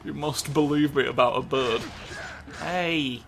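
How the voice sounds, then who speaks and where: A man's voice: medium pitch, unhurried, gravelly. A man giving absurd, rambling comedic commentary while playing a game, swearing often. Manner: absurd, rambling, swears, sudden silly voices. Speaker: gameplay commentator. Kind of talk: comedic let's play commentary. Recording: game music loud behind voice.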